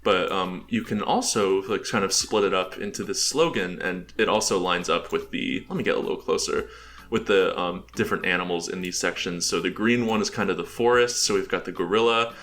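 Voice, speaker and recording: Low-voiced American man presenting casually. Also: brisk, a bit bright. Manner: rambling, heavy on filler words, chuckling. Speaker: presenter showing his game build.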